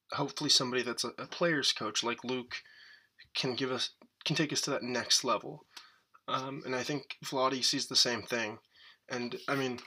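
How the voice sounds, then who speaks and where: A man's voice: medium pitch, sharp tone. A man co-hosting a sports podcast, talking in a loose, rambling way full of fillers. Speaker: podcast co-host. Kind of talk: casual sports podcast chat.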